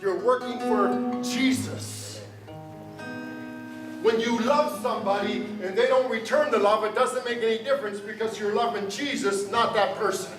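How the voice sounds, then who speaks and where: A pastor speaks at normal speed in a high voice with a steady tone, delivering his sermon conversationally and joking with the people in the sanctuary. The sound is roomy and distant, as in a church, with guitar music in the background.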